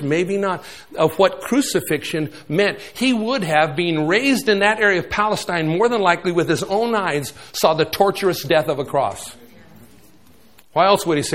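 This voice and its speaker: An older man in his sixties delivers a lively sermon. His voice sits somewhat high for a man, and he swings from loud, emphatic bursts down to quiet, hushed asides. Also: normal speed. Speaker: preacher.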